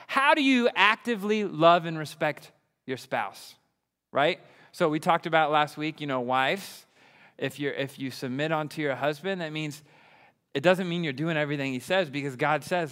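A young man preaching with bubbly enthusiasm. His voice sits a bit high, and it rings out through a reverberant hall. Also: moderate pace. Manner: enthusiastic, excitable. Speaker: pastor. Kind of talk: sermon.

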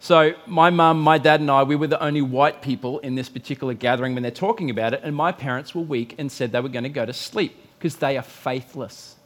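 A middle-aged man preaching a sermon, telling stories and acting out quotes with big swings in pitch and volume. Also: a little fast, hardly any pauses. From Australia. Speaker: pastor.

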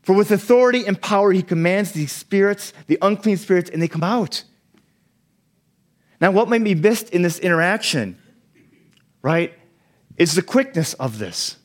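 A man who is a parent, preaching a sermon as pastor and explaining a Bible passage, now and then acting out the quoted lines. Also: high voice. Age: young adult to middle-aged, a parent.

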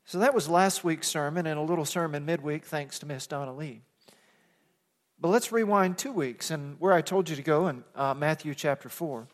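Pastor preaching in a reverberant sanctuary. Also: male voice, on the high side, normal speed. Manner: conversational storytelling, rising to impassioned emphasis. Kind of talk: sermon. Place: church sanctuary. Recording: long reverb of a church sanctuary.

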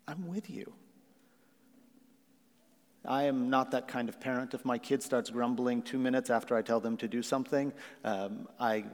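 A man's voice: mid-range voice, darkish tone. Man preaching in a reverberant church. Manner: earnest preaching with fillers, rising emphatic questions. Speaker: pastor. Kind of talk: sermon. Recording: long reverb of a hall.

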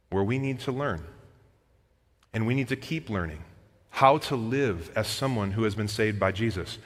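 A male pastor preaching a sermon to his congregation, earnest and direct, swinging from loud urgent appeals to quiet low passages, with casual asides. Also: in a large hall. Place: church sanctuary.

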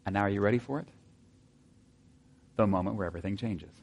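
A man preaching a sermon in a conversational way, asking his listeners rhetorical questions and dropping into soft asides. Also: fairly low pitch, quick pace, breathy edge. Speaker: pastor.

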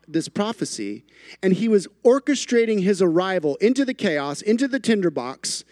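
A man preaching with a high, light voice. He is emphatic, stacks repeated phrases to build intensity, and slips in playful asides. The sound is close and dry, with no room echo. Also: a little mellow. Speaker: pastor. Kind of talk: sermon.

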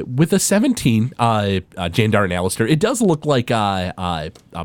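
A man's voice: lowish voice, darkish tone, dry recording. A man running a tabletop game as game master, narrating with many hesitant fillers.

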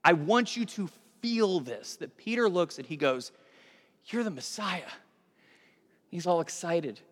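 A male pastor giving a sermon in lively storytelling style, speaking straight to his listeners. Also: fairly high pitch, moderate pace. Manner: animated storytelling, addresses listeners directly. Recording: long hall reverb.

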